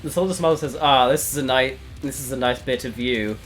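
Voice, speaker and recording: A man streaming a text adventure game, reading it aloud and reacting with sudden loud outbursts. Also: mid-range voice, fast. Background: faint background music.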